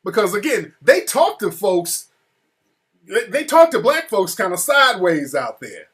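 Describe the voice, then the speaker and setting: A man with an American accent tells a story in a relaxed, rambling way. His voice sits a little higher than most men's. He swears freely, restarts his sentences often and keeps adding asides. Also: measured pace. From United States. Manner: loose, profane, full of restarts and asides. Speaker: speaker recounting a trip. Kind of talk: casual storytelling.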